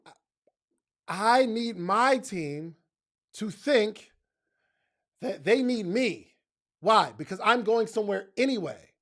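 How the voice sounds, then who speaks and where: A man's voice: high voice, lively intonation, takes it slowly, pauses often, fairly bright tone. A man giving a motivational talk in casual slang, emphatic and speaking straight to his listeners, often repeating phrases for effect.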